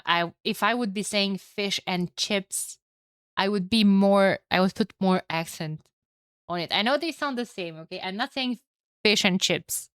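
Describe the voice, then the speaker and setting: A woman commentating a strategy game alone for her live chat, chatty and excitable, tired and with a headache. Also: mid-range voice, smooth, dry recording, studio quality. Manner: chatty, excitable, swears and laughs at herself. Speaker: esports caster.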